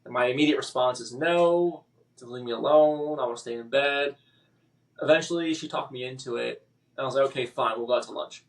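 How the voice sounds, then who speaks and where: A man telling his personal story as a podcast guest, halting and emotional, with many restarts and fillers. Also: mid-range voice, far from the mic.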